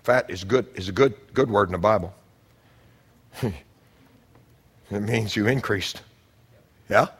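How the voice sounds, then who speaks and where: A man preaching a sermon, building to shouted exhortations and stretching out repeated phrases. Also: lowish voice, slow pace, long pauses, breathy edge.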